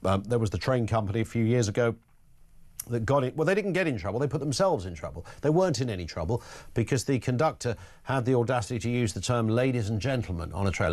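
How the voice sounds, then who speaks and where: A man hosting a talk radio phone-in, blunt and wry, with quick chatty asides. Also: medium pitch, lively intonation, a little mellow. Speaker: radio talk show host.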